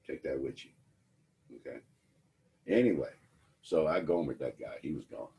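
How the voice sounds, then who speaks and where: Male instructor, very deep husky voice, wry storyteller lecturing a class. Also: animated, moderate pace, pauses often, dark tone. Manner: wry, conversational storytelling to students. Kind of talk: lecture with personal anecdotes.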